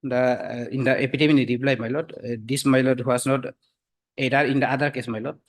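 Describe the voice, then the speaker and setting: A man arguing before a judge in a courtroom, halting with many fillers and addressing the bench as "my lord" again and again. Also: mid-range voice, steady tone. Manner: hesitant, full of fillers, repeats "my lord" constantly. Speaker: advocate for the government. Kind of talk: courtroom argument.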